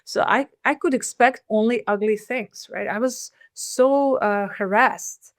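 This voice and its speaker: Woman guest, middle-aged, earnest, halting storyteller; dry close sound. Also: a little high, no room sound. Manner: earnest, halting, with many fillers and restarts. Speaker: podcast guest. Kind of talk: personal storytelling in an interview.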